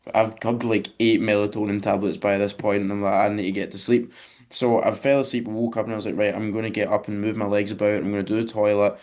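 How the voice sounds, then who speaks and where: A man's voice: lowish voice, flat delivery, fast talker, darkish tone. A young man co-hosting a podcast, telling a story in a laid-back, sweary way. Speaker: podcast co-host. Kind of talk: casual chat.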